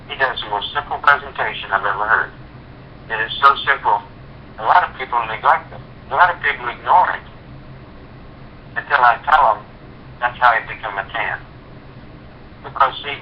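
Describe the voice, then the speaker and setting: A man leading a sales team, giving a folksy motivational talk with homespun stories. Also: medium pitch. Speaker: network marketing leader. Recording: dull lo-fi recording with faint hiss.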